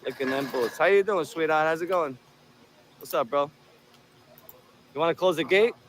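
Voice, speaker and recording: A man's voice: on the high side, moderate pace, slight background noise. A man filming outdoors on a handheld phone, taunting people in a profane, combative way. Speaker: video host filming encounters. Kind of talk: confrontational street filming.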